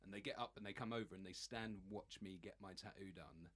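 A man's voice: deep voice, fast talker, a bit bright, husky. A man who is a podcast guest, telling a story in casual chat and stammering now and then.

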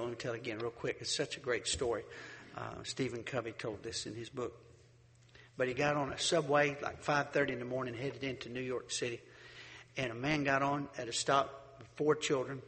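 A middle-aged man preaching a sermon, asking the congregation rhetorical questions and telling stories in a lively, conversational way. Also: medium pitch, long reverb tail. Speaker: pastor.

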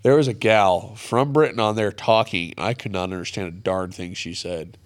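A man with a fairly low voice co-hosts a podcast at normal speed, chatting casually and rambling with lots of filler words.

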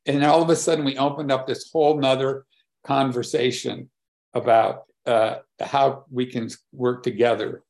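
A man in his seventies giving a reflective talk with personal stories, unhurried and thoughtful, often pausing to search for words. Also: medium pitch, level tone, darkish tone. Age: 70s. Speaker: speaker on conversation and collaboration.

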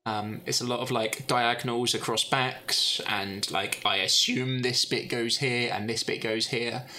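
A man runs a tabletop game as game master, narrating scenes in a loose, rambling way full of ums and likes. His voice has a bright, forward tone. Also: medium pitch, fairly even intonation, measured pace. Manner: casual, rambling narration with fillers.

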